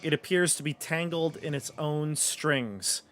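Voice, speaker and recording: A man narrating as game master of a tabletop game in a relaxed, halting way. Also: fairly high pitch, a little hiss or hum.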